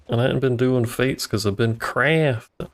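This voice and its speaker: A man's voice: medium pitch, normal speed. A man streaming a video game, talking casually with wry grumbling and swearing. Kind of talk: casual gameplay commentary.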